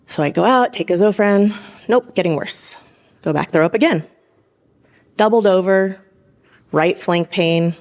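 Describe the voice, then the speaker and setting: A woman in her thirties, a physician assistant, telling her own story in an animated way, laughing often and acting out what people said. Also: fairly low pitch, moderate pace, long pauses. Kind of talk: personal storytelling.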